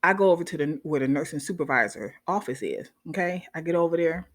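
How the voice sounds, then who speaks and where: A nurse talks fast in a low voice as she relates a story to her viewers. She's casual and animated, repeatedly checking in with her audience.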